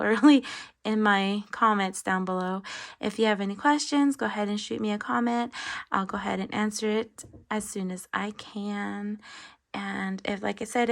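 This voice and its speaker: A woman with a raspy voice chatting casually while counting cash at home at night, apologetic and a little out of breath. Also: on the high side. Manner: apologetic, rambling, counts money aloud. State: slightly out of breath. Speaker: budgeting channel host.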